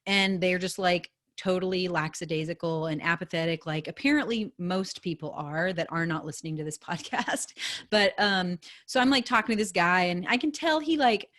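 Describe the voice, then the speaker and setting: A woman in her thirties, a podcast host, telling a story in a casual, animated way, swearing freely and acting out the dialogue. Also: on the low side, moderate pace.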